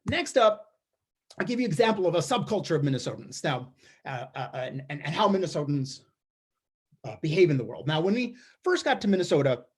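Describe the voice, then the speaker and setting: A man's voice: a little high, sing-song, fairly quick, slightly rough. A man giving a wry, observational comic storytelling monologue, often restarting his sentences. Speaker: storyteller performer. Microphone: streamed performance mic.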